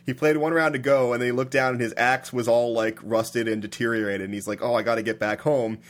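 A man in casual podcast chat, recapping a strange film with lots of "like" and bursts of laughter. His pitch climbs high when he is outraged and drops low when he tells the quieter parts. He sounds loose and unscripted. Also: brisk. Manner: animated storyteller, many "like"s, laughing at absurdity.

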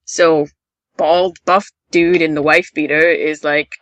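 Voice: mid-range voice, flat delivery, takes it slowly, fairly bright tone, dry recording, rough recording. A podcast host recapping an episode in casual chat, with wry, sarcastic storytelling.

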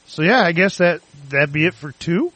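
A laid-back man chatting on a podcast, laughing and swearing freely. His voice is somewhat high and husky. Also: a bit bright, no room sound. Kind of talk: casual chat.

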